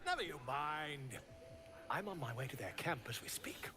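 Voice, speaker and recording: A man's voice: fairly high pitch, expressive, normal speed, music in the background, lightly acted. An actor playing an eager, scholarly male adventurer in a video game who is curious and delighted by scandal. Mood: intrigued. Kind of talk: video game character dialogue.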